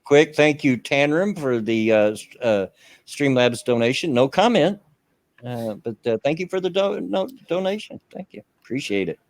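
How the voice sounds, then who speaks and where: A man's voice: mid-range voice, animated, normal speed, no echo. An older man in his sixties with a drawl hosts a casual livestream chat. His voice sits in a middle range and is recorded close and dry. He rambles in a folksy way and pokes fun at himself. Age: 60s. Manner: folksy, rambling, self-deprecating. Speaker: stream show host.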